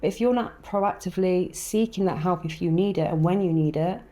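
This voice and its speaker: A woman co-hosting a casual chat podcast, with a lowish, mellow voice. She tells stories animatedly, acting out what people said, and laughs often. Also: brisk. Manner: animated storyteller, acts out quotes, laughs often. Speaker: podcast co-host.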